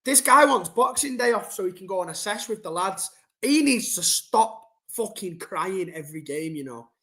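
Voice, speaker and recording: A man's voice: high-pitched, lively intonation, moderate pace, pushed and bright. A young man ranting bluntly and casually to his chat during a football live stream, swearing and using slang.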